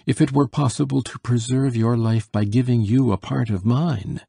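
A man's voice: sits low, lively intonation, measured pace, creaky, warm tone, slightly rough, exaggerated voice. A male reader voicing an anguished young nobleman who pleads with his dying father in a raised, urgent voice. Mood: pleading.

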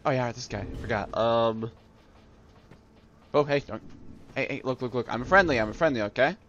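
A man's voice: mid-range voice, moderate pace, fairly bright tone, muffled recording. A man hosting a let's play, rambling and sarcastic in his gameplay commentary. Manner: sarcastic, rambling, easily annoyed.

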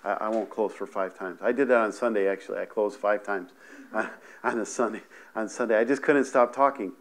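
A man's voice: on the low side, fairly even intonation, brisk. A man preaching a sermon from a living room to a camera, often restarting his sentences and checking in with "amen" and "right". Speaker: pastor. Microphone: camera in front of him, seated on a stool.

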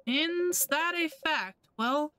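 A woman voicing a sly aging male black-market merchant in a game, with a slow, drawling way of talking. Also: sits high, lively intonation, sharp tone, exaggerated voice. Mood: wary.

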